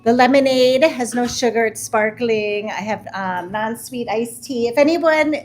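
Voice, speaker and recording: Friendly woman chef with a slightly high voice. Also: a little slow. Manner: friendly, with many hesitations. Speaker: restaurant owner and chef. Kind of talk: explaining a menu to guests.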